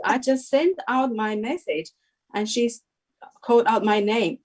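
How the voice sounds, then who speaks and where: A young woman telling her story as a guest, slowly and hesitantly, in careful non-native English with many pauses and fillers. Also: on the high side, darkish tone. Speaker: guest sharing a testimony. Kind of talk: casual spoken testimony.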